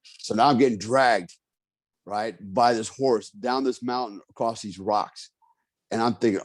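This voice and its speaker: A man with an average-pitched voice spins a profane, animated story and slips into the voices of the people he quotes. The recording is dry and close. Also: normal speed, no echo. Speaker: guest. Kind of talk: casual storytelling.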